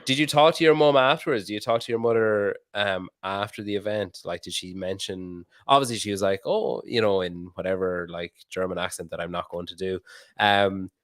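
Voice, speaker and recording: Low-voiced joking podcast host. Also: male voice, steady tone, a little fast, fairly bright tone, no room sound, studio quality. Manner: joking, laughs a lot. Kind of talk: casual podcast interview.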